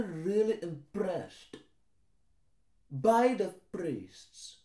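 A young man speaking in an earnest, calm and measured way, at times halting, recorded in an echoey room. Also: sits high. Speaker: aspiring seminarian.

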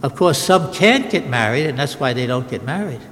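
A man's voice: medium pitch, expressive, moderate pace, fairly bright tone, long reverb tail. An older man, a Catholic priest, giving an emphatic sermon with repeated phrases and frequent restarts.

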